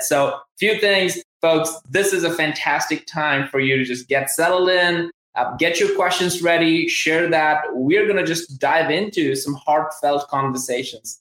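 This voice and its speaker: A man's voice: mid-range voice, a bit bright, roomy sound, rough recording. An enthusiastic man with a Southern US accent hosting a live-streamed interview, talking in rambling bursts with many restarts. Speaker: host.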